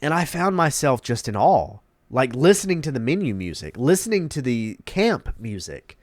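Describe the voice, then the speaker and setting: A man's voice: medium pitch, very animated, normal speed, no echo. A congested man hosting his own channel, giving emphatic, opinionated commentary and repeating key words for effect. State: congested, stuffed-up nose. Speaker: channel host.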